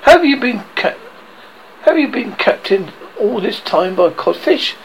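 A man's voice: sits high, big pitch swings, measured pace, gravelly, a little hiss or hum, pitched above the performer's own voice, exaggerated voice, low-quality recording. A man voicing a proud, blustering pirate captain who is losing his nerve, with theatrical outbursts in an audiobook reading.

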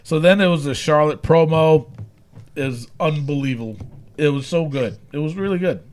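A man co-hosting a podcast, recapping wrestling shows in casual chat, animated and laughing often. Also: a little high, normal speed. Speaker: podcast co-host.

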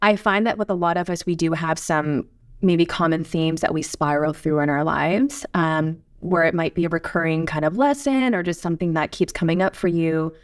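A woman's voice: deep voice, normal speed, dry recording, clean studio sound. Chatty young woman podcast host. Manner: animated storytelling with many "like"s and quoted asides. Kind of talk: casual conversation.

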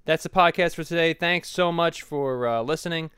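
Joking podcast guy, bright clear voice, chatty, dry sound. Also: a little high, normal speed, dry recording. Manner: teasing, joking. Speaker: podcast host. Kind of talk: casual chat.

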